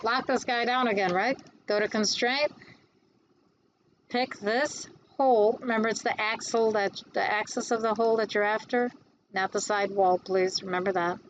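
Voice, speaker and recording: A woman instructor giving a classroom lecture on design software, chatty and quick to answer her own questions. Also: mid-range voice, fairly even intonation, lo-fi sound, slight background noise.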